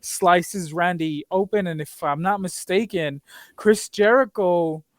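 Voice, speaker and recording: A man co-hosting a podcast in casual chat, a relaxed storyteller who uses slang. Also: high-pitched, takes it slowly, dry recording, studio quality. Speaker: podcast co-host.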